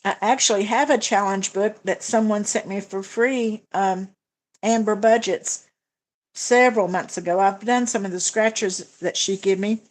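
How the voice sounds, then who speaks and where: A woman hosting a budgeting livestream, chatting casually with viewers and answering their comments, with frequent fillers and restarts. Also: medium pitch. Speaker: budgeting channel host.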